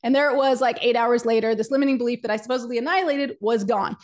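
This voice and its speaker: Animated woman coaching on a webinar. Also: fairly high pitch, fast talker. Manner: animated, chatty, many "like"s and acted-out quotes; addresses the audience directly. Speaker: webinar co-host and business coach. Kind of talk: energetic storytelling presentation.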